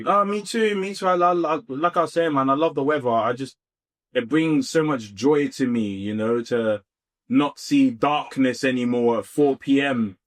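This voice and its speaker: A man co-hosting a podcast in casual chat, laid-back and quick to laugh. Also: mid-range voice. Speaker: podcast co-host.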